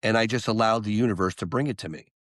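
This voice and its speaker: A man, a singer-songwriter guest on an interview podcast, telling a story and acting out the quotes with lively jumps in voice. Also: lowish voice, fast talker, no room sound, studio quality.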